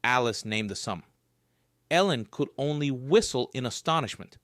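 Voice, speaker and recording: A man narrating a scripted story in a lively, varied storytelling voice. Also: medium pitch, normal speed, dry recording, studio quality.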